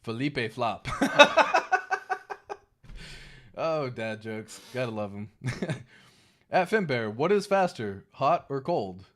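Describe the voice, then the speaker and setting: A man hosting a crypto livestream, talking casually and reading the chat. He is emphatic and animated, swears freely and repeats his points for stress. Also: medium pitch, slow pace.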